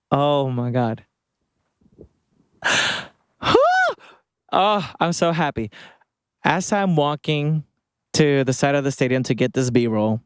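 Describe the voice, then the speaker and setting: A young man hosts his own podcast and tells a personal story, gushing and emotional, sighing and laughing between phrases. His voice sits at an ordinary middle pitch. The recording is dry and close, with no room sound. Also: clean tone, no echo. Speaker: podcast host.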